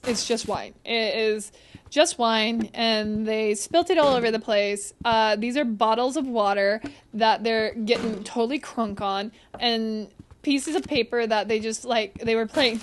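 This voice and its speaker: A young woman with a high, bright-pitched voice streams a spooky game and talks straight to her chat. She is easily startled and curses freely, breaking into squeals and giggles. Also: slight background noise. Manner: jumpy, swears, shrieks and laughs when startled, chats to viewers.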